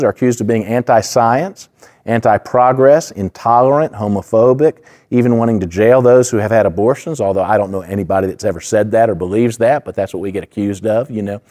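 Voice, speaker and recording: A man's voice: mid-range voice, warm tone. A man preaching a sermon in an earnest, conversational way, full of asides and fillers. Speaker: pastor.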